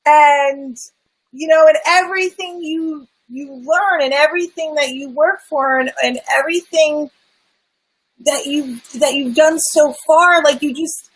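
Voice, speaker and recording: This is a woman sharing her life story as a guest on a talk show. Her voice sits a little high, and her delivery is earnest and emphatic, frank enough to swear now and then. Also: a little slow, rough recording. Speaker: guest, spiritual life coach. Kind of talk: candid personal storytelling.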